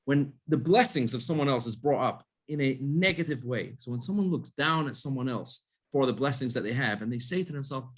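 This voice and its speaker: A man, a rabbi, giving a casual spoken class who explains step by step, asks and answers his own questions, and often restarts his words. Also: mid-range voice. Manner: frequent restarts and repeated words.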